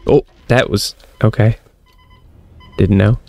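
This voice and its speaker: A man's voice: on the low side, fairly even intonation, takes it slowly, gravelly, mellow, soft background music. A young man commenting on a horror shooter as he plays, with jumpy, self-mocking reactions. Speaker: gaming streamer. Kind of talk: let's-play commentary.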